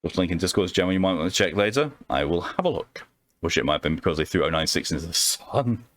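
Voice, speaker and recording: A man reads stories aloud on a live stream, breaking off for casual, offhand chat. His voice sits low but moves a lot. The sound is close and dry. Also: lively intonation, quick pace, a bit bright, no echo. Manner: casual, swears, comments offhand between readings.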